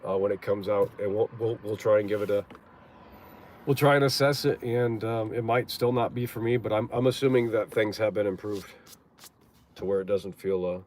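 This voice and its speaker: A man's voice: fairly low pitch, normal speed, darkish tone, slight background noise. A man streaming live from his parked car, chatting in a rambling, blunt and profane way with lots of fillers. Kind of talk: casual live-stream chat. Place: parked car in a parking lot.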